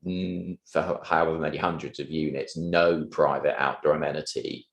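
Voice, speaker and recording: A man cross-examining a witness at a public inquiry, polite and halting, with many restarts and fillers. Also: very deep voice, fairly even intonation, gravelly, a bit bright, echoey room. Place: public inquiry hearing room.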